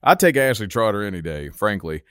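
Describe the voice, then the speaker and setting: A man's voice: on the low side, very animated, fairly quick, a bit bright, clear, resonant tone, no echo. A man co-hosting a casual podcast, joking with his guests. His voice bounces up and down. It sounds dry and close, with no room sound. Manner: jokey, teasing, rambling with restarts. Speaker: podcast co-host.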